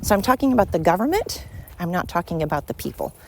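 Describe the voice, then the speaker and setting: A woman from the United States hosts a solo podcast, talking in a blunt, profane rant. Her voice sits fairly low, with a faint hum of room noise behind her. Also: very animated, fast talker, darkish tone. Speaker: podcast host. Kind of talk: opinionated solo podcast monologue.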